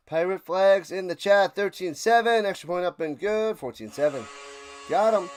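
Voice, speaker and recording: A man streaming a live watch-along, rambling between plays and shouting out big plays. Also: high voice, expressive, moderate pace, soft background music. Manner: rambling chatter with sudden shouted play calls.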